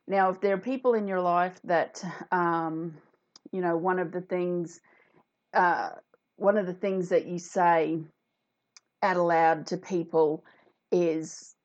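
Female host, low-pitched, chatty live-stream style, dull lo-fi sound. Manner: chatty, reads out viewer comments. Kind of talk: casual talk to viewers.

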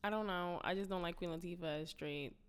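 A woman's voice: fairly low pitch, fairly quick, smooth. A woman co-hosting a casual gossip chat, teasing and joking with the others. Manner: teasing, joking, bursts into laughter. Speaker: podcast co-host.

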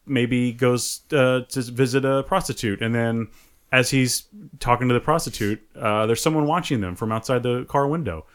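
A man co-hosting a casual chat, animated, laughing often and restarting his sentences. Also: medium pitch, normal speed, smooth. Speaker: podcast co-host.

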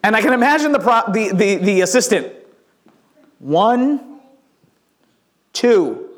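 A middle-aged male pastor preaching a sermon, telling the story in a lively way and acting out the voices. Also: high voice, fast talker. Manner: animated storytelling, acts out voices.

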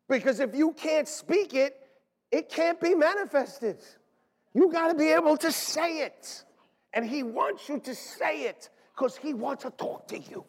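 A middle-aged man, a pastor, preaching a lively, joking sermon to his church. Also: very high-pitched, measured pace. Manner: animated, joking, shouts and laughs between points. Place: church sanctuary. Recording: long hall reverb.

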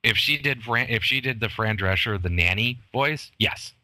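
A man's voice: mid-range voice, moderate pace, pushed and bright. A man co-hosting a casual chat, dry and sardonic, making his points with rhetorical questions.

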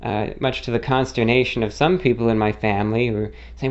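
A man's voice: medium pitch, animated, brisk, hardly any pauses, highs cut off. Man with a mid-Atlantic-style accent. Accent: mid-Atlantic blend with non-rhotic and New York traits. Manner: rambling, many fillers and self-corrections. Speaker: YouTuber. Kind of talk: casual spoken monologue.

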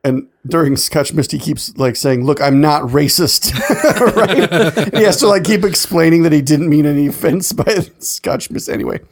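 A man's voice: on the high side, animated, moderate pace, vocal fry, hardly any pauses, breathy edge. A man co-hosting a casual podcast, chatting animatedly and laughing often as he tells stories. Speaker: podcast co-host.

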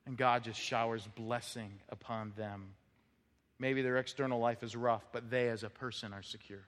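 A man preaching a sermon as pastor, animated, acting out quoted voices and repeating words as he builds up. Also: medium pitch, moderate pace. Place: church sanctuary. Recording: long reverb of a church hall.

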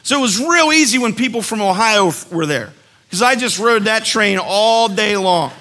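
High bright-voiced male youth preacher. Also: moderate pace. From West Virginia. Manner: animated storytelling, jokey asides. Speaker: youth speaker. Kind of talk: casual sermon talk.

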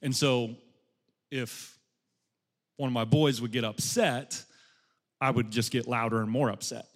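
A middle-aged man preaching a sermon as a pastor, moving from loud, impassioned exhortation to soft, hushed storytelling. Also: mid-range voice, fairly even intonation, measured pace.

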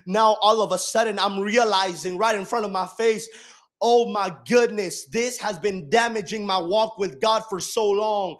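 A young male preacher with a high voice gives a personal testimony from the pulpit. He sinks into quiet reflection and then climbs into loud, shouted emphasis that carries off the microphone across the church. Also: steady tone, moderate pace. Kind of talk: sermon.

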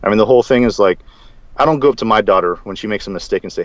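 Fast-talking man in lo-fi casual chat. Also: lowish voice, no echo. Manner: rambling, animated, with frequent restarts and "dude". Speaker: podcast co-host. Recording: dull, lo-fi sound.

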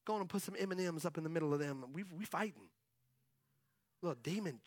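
With a fairly high-pitched, slightly mellow voice, a middle-aged man talks fast as he preaches, chatting with his congregation and calling on them to respond. The recording is clean studio sound with no room echo.

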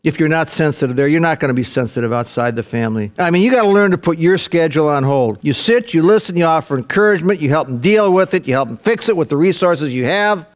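A man's voice: a little high, expressive, quick pace, hardly any pauses. Earnest older male pastor preaching. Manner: earnest and emphatic, repeating key phrases, addressing listeners as folks. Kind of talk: sermon.

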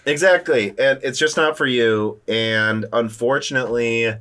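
In a casual tech conversation, the male host stays animated, pushing through quick restarts without pausing. His pitch leaps about with lively energy.

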